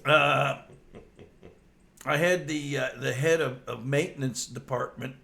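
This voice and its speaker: A man's voice: medium pitch, fairly even intonation, unhurried, creaky, pushed and bright. An older man casually telling stories about his old workplace pranks and laughing often as he goes. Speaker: storyteller host. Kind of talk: casual storytelling.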